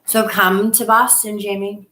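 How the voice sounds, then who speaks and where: A woman's voice: level tone, unhurried, noisy background. A woman, hosting a casual live stream from home and chatting effusively with viewers on a webcam. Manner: chatty and effusive, often acts out her own past lines in a higher voice. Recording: echoey room sound.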